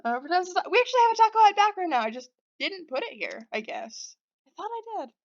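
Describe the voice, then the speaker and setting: A woman hosting a visual novel preview, making quick, self-deprecating asides to viewers. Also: very high voice, very animated, highs cut off. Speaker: host voicing a visual novel.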